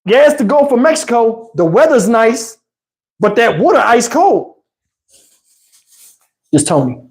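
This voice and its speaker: A man with a Texas accent telling a funny story in casual, animated vlog style, laughing and acting out the people in it. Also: very high voice, unhurried. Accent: Southern US, Texas. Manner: animated, swearing, laughs often, acts out the other people in the story. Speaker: vlogger.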